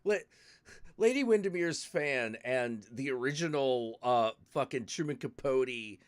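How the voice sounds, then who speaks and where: A man co-hosting a casual chat, lively and often stammering over repeated words. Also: mid-range voice, unhurried, no room sound. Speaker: podcast co-host.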